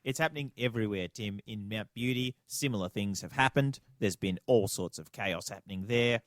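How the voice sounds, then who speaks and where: A man's voice: fairly low pitch, normal speed, no room sound, clean studio sound. A man with an Australian accent co-hosting a podcast, bantering in a playful, mock-serious way. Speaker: podcast co-host. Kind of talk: casual comedic podcast chat.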